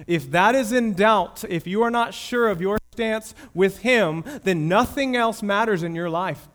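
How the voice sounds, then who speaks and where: A man preaching a sermon as pastor, moving between loud emphatic declarations and hushed, reverent passages. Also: high-pitched, unhurried.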